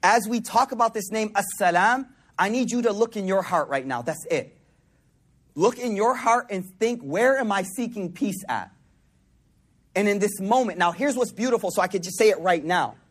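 A man preaching a sermon to a live audience, repeating phrases for emphasis and dropping from loud, emphatic lines to hushed, intimate ones. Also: sits high, lively intonation, moderate pace.

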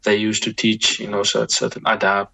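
As a guest Islamic scholar, this man offers reflective counsel in a measured way. His voice sits on the low side and is monotone, sharp in tone, with vocal fry. Repeated and restarted phrases and religious interjections run through his speech.

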